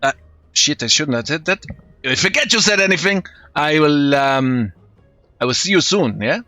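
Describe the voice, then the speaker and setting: A man's voice: fairly high pitch, lively intonation, moderate pace, pushed and bright, no room sound, faint music behind, pitched above the performer's own voice. A man voicing a flamboyant male mercenary sailor with a put-on French accent, boastful and full of hesitations. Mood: jovial.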